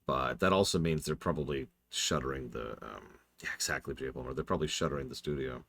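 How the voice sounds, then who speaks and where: A man's voice: very deep voice, quick pace, gravelly, fairly bright tone, a little hiss or hum. A man streaming and reviewing a game in casual, wry, self-deprecating commentary.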